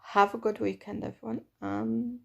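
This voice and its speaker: A woman's voice: medium pitch, little pitch movement, moderate pace, creaky, a little hiss or hum. A woman in her thirties giving a chatty, hesitant personal vlog update with lots of fillers. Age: 30s. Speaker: vlogger.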